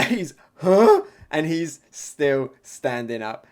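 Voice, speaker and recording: A man giving a live reaction review of a comic chapter. He reads panels aloud, laughs often and gets excited at big moments. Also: a little high, takes it slowly.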